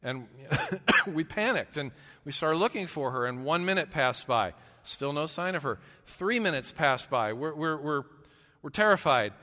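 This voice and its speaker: Earnest pastor preaching in a reverberant hall. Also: male voice, on the high side, expressive. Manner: earnest, with repeated restarts and stammers; swings from loud emphasis to hushed, slow lines. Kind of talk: sermon.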